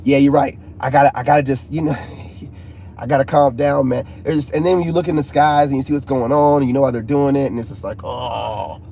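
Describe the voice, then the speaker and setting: A man talking to his viewers in a casual, rambling monologue, restless and animated, often repeating himself. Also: mid-range voice, slight background noise. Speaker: YouTuber.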